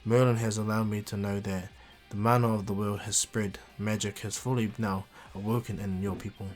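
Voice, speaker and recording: A man voicing a calm, weary adult ninja teacher who speaks low and measured. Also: faint music behind, lightly acted. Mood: grave.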